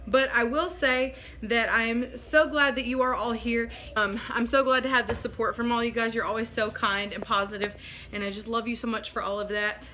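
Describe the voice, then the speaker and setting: A woman's voice: a little high, steady tone, fairly quick, sharp tone, slight background noise. A woman chatting casually to her viewers in a home kitchen cooking vlog, upbeat and talking to them directly. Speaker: vlogger.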